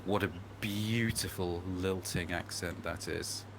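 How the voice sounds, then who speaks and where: A British man chatting casually during a game stream, telling animated stories and breaking into accent impressions. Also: low voice, slow pace, very noisy. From Britain. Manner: animated storyteller who slips into accent impressions. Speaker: podcast co-host.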